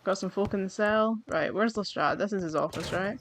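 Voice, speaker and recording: A woman's voice: mid-range voice, fairly quick, a little hiss or hum. A woman giving casual let's-play commentary, chatty and wry, musing aloud as she plays. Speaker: gamer playing through a game.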